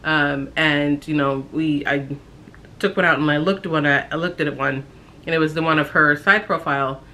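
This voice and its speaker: A young woman casually telling a personal story on her vlog, talking in a halting, reflective way with frequent fillers and restarts. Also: deep voice, steady tone, pushed and bright.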